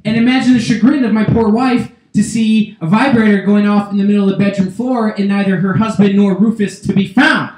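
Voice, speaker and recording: A man doing a stand-up comedy set on a small club stage, his voice pitched high for a man. He rambles loosely, drifting into digressions and catching himself. The handheld mic picks him up in an echoey club room. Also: steady tone, fairly quick, hardly any pauses, darkish tone. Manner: loose, rambling delivery with self-interrupting digressions.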